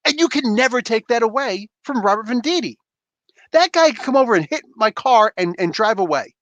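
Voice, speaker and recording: A man hosting a comic livestream, talking in an emphatic, rambling way with lots of fan banter. His pitch swings widely as he goes. The sound is dry and close, with no room echo. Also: lively intonation, a little fast, fairly bright tone. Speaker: comic book reviewer, livestream host. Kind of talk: casual livestream rant.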